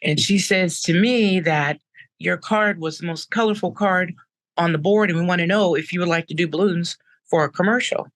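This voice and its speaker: A woman's voice: on the low side, normal speed, no room sound. A woman guest in an interview, telling her story emphatically and repeating words for effect. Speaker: interview guest, balloon artist.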